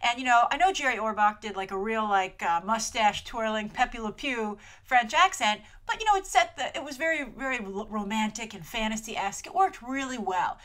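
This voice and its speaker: Lively, bright-voiced woman reviewing trailers. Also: a little high, moderate pace, hardly any pauses. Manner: chatty and animated, full of asides and filler words; playful, slips into mock voices when quoting. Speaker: host of a movie trailer review show. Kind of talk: casual trailer review commentary.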